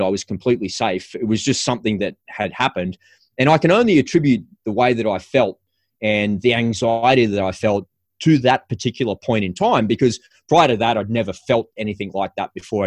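A man's voice: fairly low pitch, no echo. A middle-aged man, a former paratrooper, candidly telling a story as a podcast guest in a casual, self-deprecating way.

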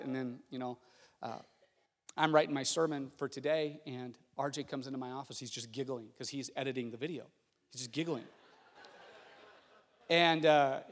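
Brief: middle-aged male pastor, lively storytelling sermon, fairly high voice, big reverberant church hall. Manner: storytelling, animated, acts out quotes. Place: church sanctuary. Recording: long reverb of a large hall.

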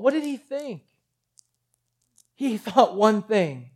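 High-voiced male preacher. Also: slow pace. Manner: animated storytelling, acting out quotes. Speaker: pastor. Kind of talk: sermon.

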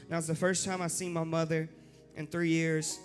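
A young man preaching his personal testimony in an earnest manner that builds to impassioned shouting. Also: on the high side, level tone, brisk. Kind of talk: testimony sermon. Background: faint instrumental music.

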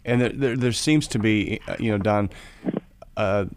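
A man hosting a radio interview, speaking haltingly and searching for his words. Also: on the low side, background noise.

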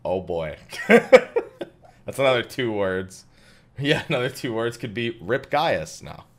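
Lively-pitched man hosting a casual chat. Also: slow pace. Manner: upbeat, prompting guests, laughs often. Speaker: podcast host.

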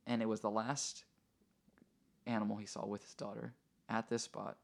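A podcast host tells a personal story in an earnest, reflective, conversational way. His lowish, gravelly voice shows little pitch movement and moves at a normal speed.

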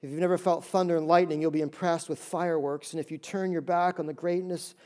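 A male pastor preaching a lively sermon, acting out little voices and jokes to make his points. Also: a little high, fast talker. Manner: animated, acts out voices and jokes.

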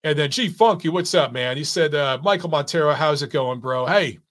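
A man's voice: on the high side, normal speed, fairly bright tone. A middle-aged man hosting a casual boxing live stream, reading chat comments in a loose, chatty way with lots of fillers and restarts.

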